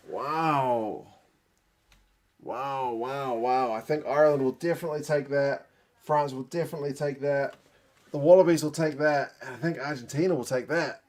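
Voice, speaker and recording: A man's voice: on the high side, a little mellow. A man giving live reaction commentary, thinking aloud with gasps and exclamations, tired late at night. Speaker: rugby channel host.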